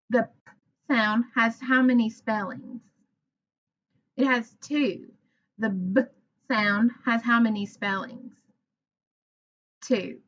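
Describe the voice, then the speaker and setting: Woman teacher, slightly high voice, slow and encouraging, phonics lesson for children, dull recording. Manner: slow, clear, encouraging teacher talk with modeled sounds.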